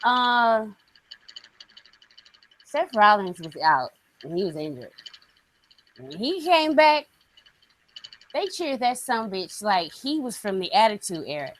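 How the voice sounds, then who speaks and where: Animated, profane woman ranting on a podcast. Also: mid-range voice, takes it slowly, long pauses, poor audio. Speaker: podcast co-host. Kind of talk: casual wrestling podcast chat.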